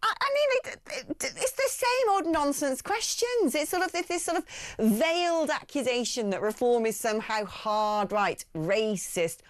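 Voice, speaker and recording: Animated woman hosting talk radio. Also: high-pitched, normal speed, few pauses, no room sound, studio quality. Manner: animated, scornful. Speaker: radio talk show host.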